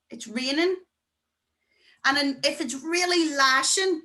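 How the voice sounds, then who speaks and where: A woman teaching to beginners over a video call, chatty and encouraging, slowing down to pronounce words. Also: high-pitched, pushed and bright. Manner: chatty, encouraging, slow deliberate pronunciation. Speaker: Irish language teacher. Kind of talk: online beginner class.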